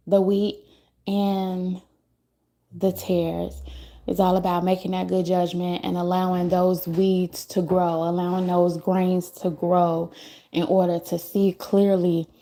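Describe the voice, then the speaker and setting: Musing woman with a mellow voice. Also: on the low side, creaky. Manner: musing, repetitive, checks in with "okay?" and "right?". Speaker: livestream host giving spiritual messages. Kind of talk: casual spiritual livestream talk.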